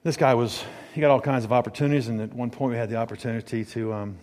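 A man's voice: mid-range voice, fast talker, darkish tone, in a large hall. A man preaching, telling a rambling personal story with self-corrections. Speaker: pastor.

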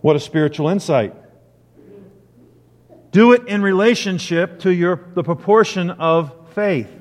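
A middle-aged man preaching a sermon, animated, acting out the people he quotes. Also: high-pitched, measured pace. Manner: animated storyteller, acts out quotes. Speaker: pastor. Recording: long reverb of a hall.

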